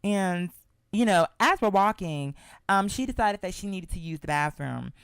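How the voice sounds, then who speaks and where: A chatty, sassy show host tells a story straight to the listener and keeps calling them "girl". The pitch sits in the middle range. The sound is dry and close, with no room echo. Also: animated, normal speed, fairly bright tone, clear, resonant tone. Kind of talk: casual storytelling monologue.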